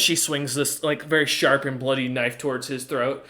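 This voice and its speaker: A man's voice: on the high side, fairly even intonation, normal speed, bright, forceful tone. A man casually narrating a tabletop game as game master, with many fillers and restarts. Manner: casual, hesitant, lots of fillers.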